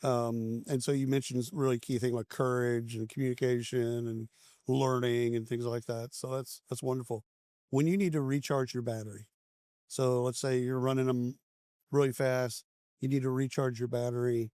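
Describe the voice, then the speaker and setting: A man hosting a casual podcast interview at a conference, mid-pitched and upbeat. He encourages his guest and asks quick follow-up questions. The sound is dry and close, with almost no room echo. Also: flat delivery, dark tone, clean tone. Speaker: podcast host. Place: conference venue.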